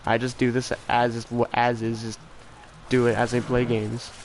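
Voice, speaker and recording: A man's voice: medium pitch, monotone, normal speed, low-quality recording. Teen guy on a game stream mic, rambly, laughs at himself, bit of hiss in the background. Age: teens. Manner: rambling, self-deprecating, trails off and restarts. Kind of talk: casual stream chat. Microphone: desk mic for streaming.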